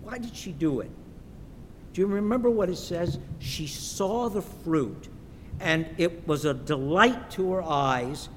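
A man preaching in an echoey church hall, unhurried and deliberate, with his voice set a little high for a man. He leans hard on key words and sometimes acts out the voices of people in his stories. A faint rumble runs underneath. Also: expressive. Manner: slow and emphatic, acts out quoted voices. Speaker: pastor. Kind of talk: sermon.

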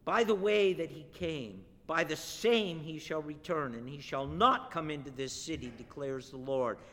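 Male preacher, slightly high voice, emphatic sermon delivery that builds to forceful declarations, long hall reverb. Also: measured pace.

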